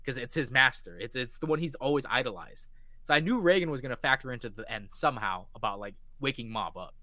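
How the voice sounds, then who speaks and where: Bright, excitable man gushing on a podcast. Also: mid-range voice, quick pace, no echo. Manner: excited storytelling with heavy swearing. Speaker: podcast co-host. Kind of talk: casual chat.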